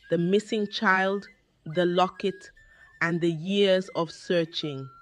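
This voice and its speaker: A woman telling a dramatic story in a scripted narration style, reading slowly and deliberately. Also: medium pitch.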